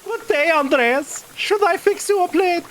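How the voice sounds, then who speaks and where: A man voicing a gracious middle-aged woman offering food, in a raised falsetto-like voice from a game. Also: measured pace, fairly bright tone, a little hiss or hum. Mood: sweet.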